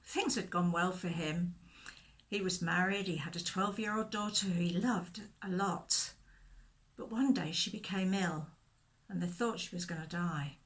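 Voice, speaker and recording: In an unhurried, lowish voice, a woman tells a Bible story for a children's church talk filmed for video. She's gentle and expressive and poses questions as she goes.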